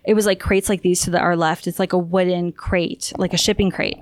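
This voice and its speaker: A woman guest talking casually about her work as a spiritual energy guide, a lively storyteller who acts out the voices of the people in her stories. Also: fairly low pitch, a little fast, slight background noise.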